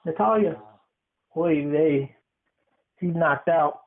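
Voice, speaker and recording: Young male podcast host, playful teaser, higher voice, phone-quality audio. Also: moderate pace. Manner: teasing, joking storyteller. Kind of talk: casual podcast chat. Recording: tinny phone-like sound.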